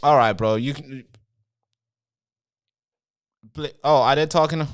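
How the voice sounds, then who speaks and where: A man's voice: medium pitch, brisk, smooth. A man hosting a live stream, talking straight to his viewers in a rambling way and answering chat comments. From Britain.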